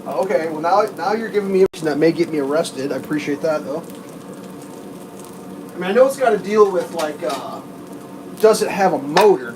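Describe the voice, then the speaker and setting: A man's voice: a little high, darkish tone, slight background noise, low-quality recording. Rambling, profane man on a livestream. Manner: rambling, profane storytelling with quoted voices. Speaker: livestream host. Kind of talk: casual live-stream chat.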